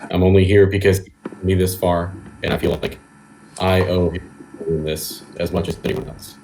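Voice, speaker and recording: A man playing in a tabletop game, speaking in a thoughtful, measured way. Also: deep voice, level tone, a little mellow, a little hiss or hum, rough recording. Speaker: player. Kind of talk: casual tabletop game chat.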